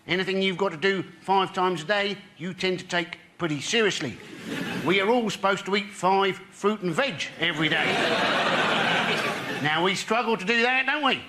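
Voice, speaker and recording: A man delivering a wry stand-up routine as a panelist on a comedy show. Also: sits high. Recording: loud background noise.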